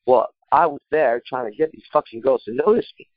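A man's voice: medium pitch, brisk, no echo, phone-quality sound. A man coaching on dating in a casual talk, telling stories with heavy swearing and emphasis. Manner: profane, emphatic storytelling.

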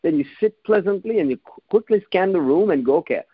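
A man coaching other men on dating, telling a story with lively, animated delivery, frequent restarts and occasional laughs. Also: high voice, fast, husky, no room sound, phone-quality sound. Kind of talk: motivational monologue.

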